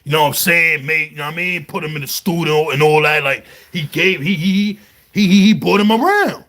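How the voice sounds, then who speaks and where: A man with a Brooklyn accent, telling jail stories in a casual, animated monologue full of slang. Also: fairly high pitch, fairly quick. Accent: New York, Brooklyn. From New York. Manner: animated storytelling, heavy slang, repeats "you heard". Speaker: vlogger.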